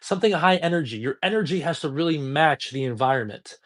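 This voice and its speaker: A man in his thirties, a dating coach, answering chat questions on a live stream in a casual, profane, high-energy way. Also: animated, fast, fairly bright tone. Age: 30s.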